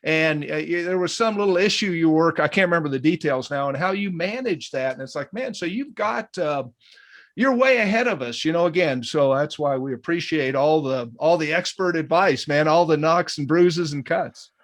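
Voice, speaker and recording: A man hosts a podcast interview in an easy, chatty way. His voice is high for a man, and he keeps up an enthusiastic stream of encouragement and praise for his guest. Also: animated, moderate pace. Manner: enthusiastic, frequent affirmations, says "man". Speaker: podcast host. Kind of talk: casual interview chat.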